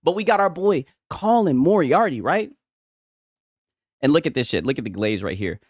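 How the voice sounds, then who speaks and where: A man's voice: fairly high pitch, sing-song, normal speed, no room sound, clean studio sound. A man hosting casual gaming commentary from a home setup, talking in a profane, mocking way and laughing often.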